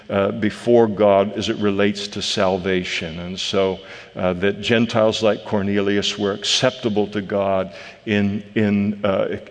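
A man preaching a conversational sermon to a congregation, with frequent filler pauses. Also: lowish voice. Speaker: pastor. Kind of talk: expository sermon. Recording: reverberant hall.

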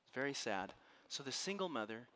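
A man preaching a sermon to a room and listeners at home, telling a story with passion and dropping from loud to hushed. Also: mid-range voice, sing-song, fairly quick. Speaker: pastor. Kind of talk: sermon to a live congregation. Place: room with an audience.

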